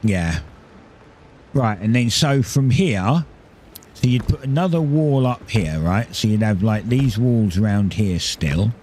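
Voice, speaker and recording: A man's voice: on the low side, lively intonation, slow pace, a little mellow, slight background noise. A man giving casual, rambling commentary while playing a building game, talking through each step and correcting himself often. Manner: rambling, self-correcting, explains building steps. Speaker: gaming streamer.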